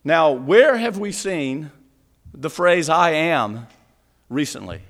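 A man's voice: a little high, expressive, slow pace. A man preaching a sermon as pastor, earnest, asking rhetorical questions and repeating lines for emphasis. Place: church. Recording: long church reverb.

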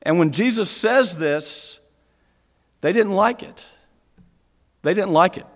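A man's voice: high voice, lively intonation, slow pace. A man preaching a sermon as pastor, earnest, asking rhetorical questions and repeating lines for emphasis. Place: church. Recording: long church reverb.

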